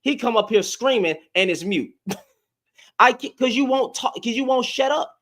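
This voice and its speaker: A man's voice: very high voice, animated, moderate pace, a bit bright. A man hosting a live audio debate, arguing heatedly and repeating his phrases over and over. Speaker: host.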